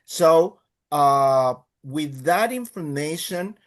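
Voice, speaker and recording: Slow, lively-voiced teacher. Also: male voice, fairly high pitch. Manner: slow, patient, many fillers and check-ins. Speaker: Spanish teacher. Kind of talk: online class instruction.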